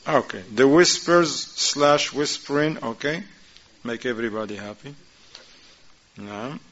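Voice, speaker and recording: A man teaching a class, reading Arabic passages quickly and then explaining them in informal, conversational English while asking his students questions. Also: mid-range voice, fairly bright tone. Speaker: religious teacher. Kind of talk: class explaining a religious text. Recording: dull lo-fi recording.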